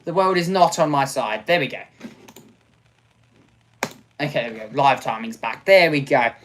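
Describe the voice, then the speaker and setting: A man's voice: medium pitch, expressive, moderate pace, a bit bright, a little hiss or hum. A man hosting a live motorsport watch-along, talking to his viewers in a sarcastic, exasperated way and muttering to himself.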